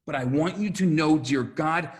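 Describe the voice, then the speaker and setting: A man playing Moses, who pleads earnestly with God and swings from low and humble to loud and resolved. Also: normal speed, close to an everyday voice. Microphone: video call.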